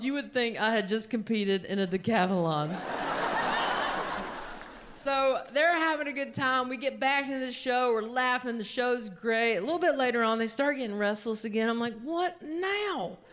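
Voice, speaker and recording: Storytelling woman comedian on stage. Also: a little high. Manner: storytelling, animated, punchy delivery. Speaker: stand-up comedian. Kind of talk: stand-up comedy set. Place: comedy club stage with live audience. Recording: live club recording with audience noise.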